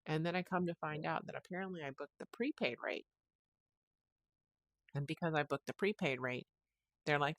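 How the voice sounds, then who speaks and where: A woman's voice: low-pitched, normal speed, pauses often, dry recording. A woman hosting her own podcast, talking casually and telling a long story with many restarts. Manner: rambling, restarts sentences, retells phone calls. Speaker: podcast host. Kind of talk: casual solo podcast monologue.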